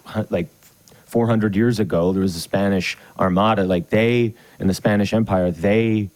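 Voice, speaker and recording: Low, mellow-voiced man ranting casually. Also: steady tone, moderate pace, no room sound. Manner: opinionated, rambling, swears casually. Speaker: podcast co-host. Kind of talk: casual political chat.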